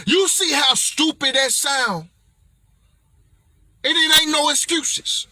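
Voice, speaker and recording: A man delivering an impassioned motivational message, blunt and confrontational in a preacher-like way, often raising his voice to a shout. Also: extremely high pitch, slow pace, dry recording, clean studio sound. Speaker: motivational speaker.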